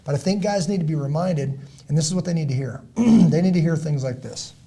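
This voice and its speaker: Husky, emphatic middle-aged man preaching. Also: animated, fairly quick. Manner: emphatic, repetitive, builds to loud peaks then drops low; clears throat often. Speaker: podcast host and former Navy SEAL. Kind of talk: casual podcast talk, preachy and motivational.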